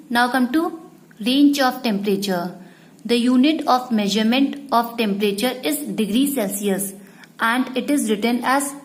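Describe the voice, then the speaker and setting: A woman teacher, explaining a lesson to students slowly and repeating each point. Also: a little high, poor audio. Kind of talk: slow classroom explanation.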